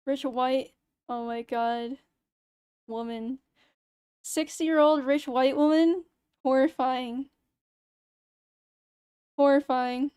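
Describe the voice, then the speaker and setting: High, smooth-voiced woman ranting on stream. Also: steady tone, takes it slowly, long pauses, a little mellow, dry recording, studio quality. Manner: ranting, sarcastic, swears a lot. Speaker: VTuber streamer. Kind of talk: casual livestream chat.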